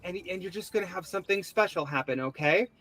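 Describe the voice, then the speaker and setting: This is a cheerful leaf girl from a tabletop game, sweet and coaxing as she talks someone into helping her. Her sing-song voice sits a touch high, put on by a man. It sounds lively and eager. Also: quick pace, a little hiss or hum. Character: cheerful female leaf performer.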